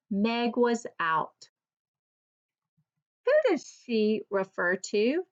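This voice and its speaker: A woman teacher giving an early reading lesson for children, slowly and clearly sounding out each word. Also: fairly high pitch, huge pitch swings, highs cut off.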